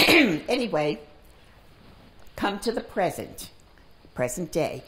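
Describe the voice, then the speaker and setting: A woman in her nineties being interviewed, telling family stories in a calm, deliberate way in a library reading room. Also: fairly low pitch. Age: 90s. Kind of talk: storytelling in an oral history interview.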